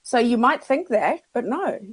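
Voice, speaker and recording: Chatty woman with a higher voice. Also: expressive, a little slow, breathy edge. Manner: chatty, laughs often, drops Australian slang. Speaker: guest. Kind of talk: casual radio chat.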